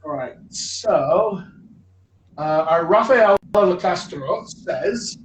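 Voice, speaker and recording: Man, dialect coach hosting live Q&A, emphatic and encouraging, slightly high voice, echoey room with faint hum. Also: expressive, very slow. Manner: encouraging and emphatic, repeats for stress. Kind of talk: live online Q&A.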